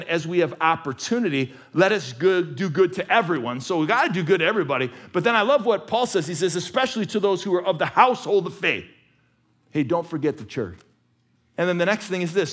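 A male pastor preaching a sermon, moving between conversational asides with restarts and fervent urging that climbs higher and louder.

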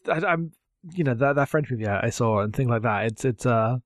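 A man co-hosting a casual podcast, talking in halting bursts full of restarts and fillers. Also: mid-range voice, animated, no echo, clean studio sound. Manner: halting, many restarts and fillers, self-deprecating. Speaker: podcast co-host.

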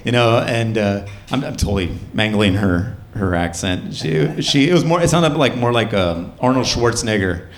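A man's voice: fairly low pitch, lively intonation, moderate pace, hardly any pauses, slight background noise. A young man doing a stand-up comedy set, with a loose, wry delivery full of fillers.

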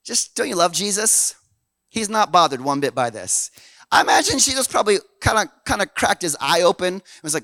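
A man from Canada preaching a sermon in an animated, folksy way, dropping low and then swelling loud. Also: a little fast, no echo. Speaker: pastor.

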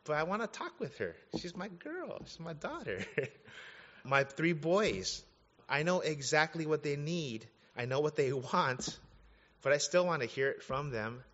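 A man in his thirties, a pastor preaching an animated, conversational sermon with casual asides. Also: fairly high pitch, a little slow. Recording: dull sound, long hall reverb.

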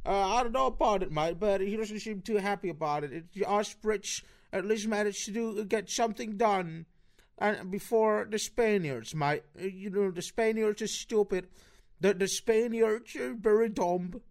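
A man's voice: high-pitched, moderate pace, pitched above the performer's own voice. A man voicing a brash, boastful Cockney bloke in a mock Cockney accent, swaggering and tacking "mate" onto every line. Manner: swaggering, repeats "mate", insulting.

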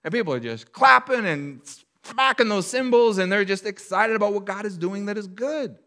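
A man preaching a sermon as a pastor, telling stories in an animated way and acting out the voices of a crowd. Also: high voice, normal speed.

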